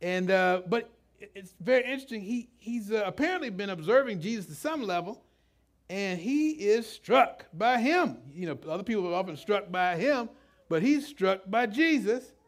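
A middle-aged man preaching a sermon in a conversational, halting way, full of restarts and asides. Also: high-pitched, expressive. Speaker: pastor.

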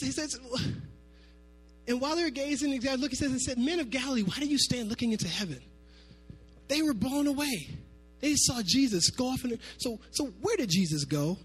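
High-voiced animated preacher man. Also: husky. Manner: animated, swinging from soft asides to shouting. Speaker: pastor. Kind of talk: sermon.

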